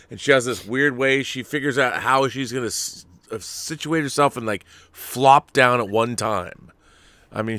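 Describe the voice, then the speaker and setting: A man hosting a podcast, telling a rambling, animated story in casual chat. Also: medium pitch, no room sound. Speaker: podcast host.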